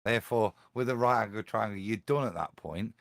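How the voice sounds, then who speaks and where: A man on a live-stream panel chatting in a rambling, animated way. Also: fairly low pitch, brisk, vocal fry, no echo, clean studio sound. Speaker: panel guest.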